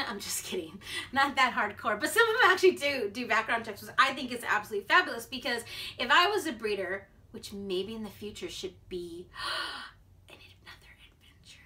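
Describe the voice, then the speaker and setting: A woman's voice: a little high, bright, forceful tone. An American woman vlogging in a bubbly, chatty way, full of filler words. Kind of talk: casual chat to camera.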